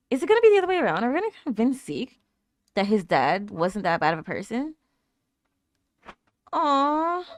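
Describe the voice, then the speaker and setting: Reaction host, young woman, animated and talkative, answers the screen, dry close sound. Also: sits high, no room sound. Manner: chatty, exclaims and laughs, talks back at the screen. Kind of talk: casual reaction commentary.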